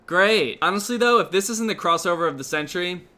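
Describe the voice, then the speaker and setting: A young man giving sarcastic, deadpan comedic commentary on online videos, with sudden loud outbursts. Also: sits high, a little fast. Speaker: commentary youtuber.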